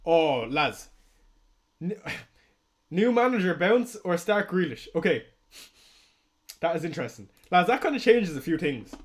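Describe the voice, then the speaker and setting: A young Irish man hosts a fantasy football livestream, talking casually and excitably while swearing and laughing often. His voice is on the high side, and he speaks at a measured pace with frequent pauses.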